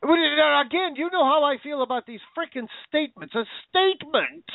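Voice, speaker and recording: A man's voice: very high voice, a little fast, gravelly, dry recording. A man hosting a show, ranting with sarcasm and indignation, repeating himself. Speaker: show host. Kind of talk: ranting commentary. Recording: tinny phone-like line.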